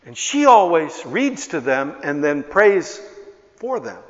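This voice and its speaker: An older man preaching a sermon, telling a story with passion and building to near-shouts. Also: fairly high pitch, big pitch swings, slow pace. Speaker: pastor. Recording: echoey hall, dull lo-fi sound.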